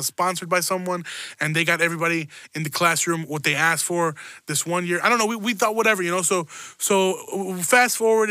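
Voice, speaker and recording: High-voiced man telling a rambling story. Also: pushed and bright, dry recording. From Chicago. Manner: rambling, self-mocking, laughs often, quotes voices. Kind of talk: casual profane storytelling.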